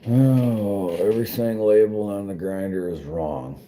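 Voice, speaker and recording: A man's voice: on the low side, unhurried, warm tone, slight background noise. A man chatting casually with viewers, swearing and joking, often laughing. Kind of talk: casual chat.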